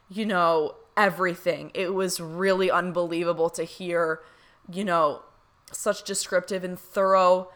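A young woman vlogger telling a story to her viewers in a casual, excited way, with lots of fillers. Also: on the low side, a little slow. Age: young adult. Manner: excited, gushing, many fillers.

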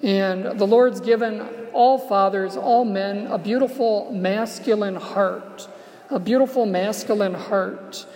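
A man preaching a homily, telling a personal story in a reflective way and slowing down softly on key phrases. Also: high voice. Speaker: Catholic preacher. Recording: long church reverb.

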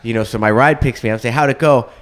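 A man in casual conversation, telling a personal story in an animated way and laughing often. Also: mid-range voice, fast talker. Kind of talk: casual chat.

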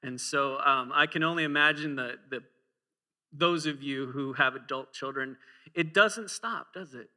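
A man's voice: medium pitch, steady tone, moderate pace, bright, forceful tone. A man in his forties preaching a sermon in a church, conversational and humorous, often asking the congregation questions.

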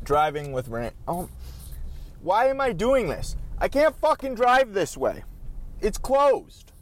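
A man hosting his own podcast as a casual, rambling vlog, cursing and complaining while driving and shopping. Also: a little high. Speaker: podcast host. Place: car and store, on the go.

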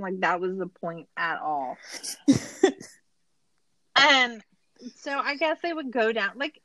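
A woman's voice: on the high side, pushed and bright, dry recording, dull audio. A woman hosting a casual podcast, recapping a show in a laughing, incredulous way, with lots of "like". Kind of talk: casual chat.

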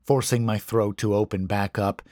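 A man narrating a scary story in a slow, hushed, tense delivery. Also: lowish voice, steady tone, dry recording, studio quality. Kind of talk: scripted horror story narration.

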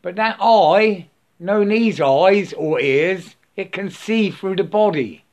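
A man's voice: high voice, slow. A man giving a rambling spiritual monologue, checking in with the listener and breaking into laughs.

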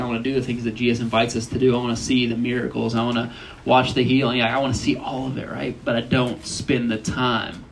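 Young male retreat speaker, relaxed conversational sermon, gravelly tone, slight background noise. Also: medium pitch, poor audio. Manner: chatty, asks the audience questions.

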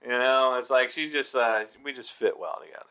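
A man's voice: medium pitch, fairly quick, pushed and bright, slight background noise. A man chatting as a guest, telling stories in a self-deprecating way and laughing often. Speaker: guest, comedian and psychologist. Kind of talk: casual chat.

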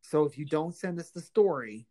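A woman's voice: low-pitched, animated, normal speed, mellow. A woman co-hosting a casual podcast, teasing and joking with her partner. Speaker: podcast co-host.

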